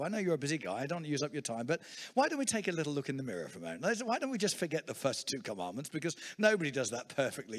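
Middle-aged male preacher, slightly high voice, lively humorous storytelling sermon. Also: very fast, in a large hall. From England.

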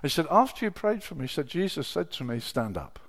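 A middle-aged man preaching a sermon, telling personal stories with emotion, dropping to a hush and then rising to loud exclamations. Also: fairly high pitch, big pitch swings, quick pace. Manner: emotional, swings from hushed storytelling to loud exclamation.

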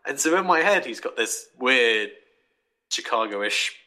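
A young man casually talking through a book on a podcast, rambling and animated, acting out quoted thoughts. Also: mid-range voice, unhurried, poor audio. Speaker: podcast host reviewing a book.

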